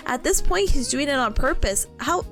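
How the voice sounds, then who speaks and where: A young woman with a high, bouncy voice chats to her stream viewers and tells a rambling story. She giggles nervously all the time and her pitch swings all over the place. Soft music plays underneath. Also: normal speed. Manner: giggly, frequent nervous laughter; animated, rambling story with restarts. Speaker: live streamer and nursing student. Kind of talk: casual storytelling to chat.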